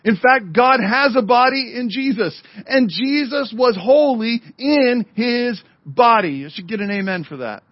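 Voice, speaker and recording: A man preaching a sermon as pastor, speaking emphatically to the congregation and online viewers, slowing down and dropping to a murmur for effect. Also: very high-pitched, lively intonation, no room sound. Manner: emphatic preaching with dramatic slowdowns and drops to a murmur. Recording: dull lo-fi sermon audio.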